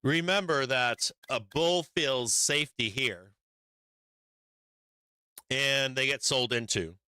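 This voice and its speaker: A man with a bright, crisp voice giving casual live market commentary over charts. He talks bluntly and swears often. The recording is close and dry. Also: medium pitch, slow pace, dry recording. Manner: profane, blunt, animated chart talk. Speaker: stock market stream host.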